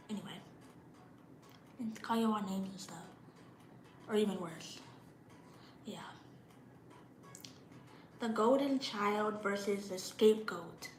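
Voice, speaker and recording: A young woman vlogs in a casual monologue, blunt and slangy, shivering a bit from the cold and slipping into mocking impressions of her parents. Her voice is mid-range, and the poor audio sounds roomy with a little hiss or hum.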